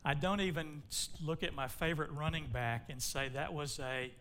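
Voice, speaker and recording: Folksy pastor telling a joke. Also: male voice, a little high, steady tone, moderate pace, fairly bright tone, a little hiss or hum. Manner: folksy joke-telling, then scripture reading. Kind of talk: sermon.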